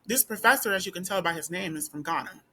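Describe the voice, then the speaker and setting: A woman student talking straight to camera in a casual vlog, emphatic and full of rhetorical questions, with a voice that is not deep. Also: quick pace, pushed and bright, husky. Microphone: camera or phone facing speaker.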